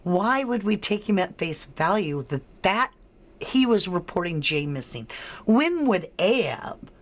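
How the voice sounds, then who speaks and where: A woman with a lowish, sing-song voice hosts a true-crime livestream, chatting with viewers, reading their comments aloud, and running a poll. She is chatty and unhurried, laughs often, and draws out her words.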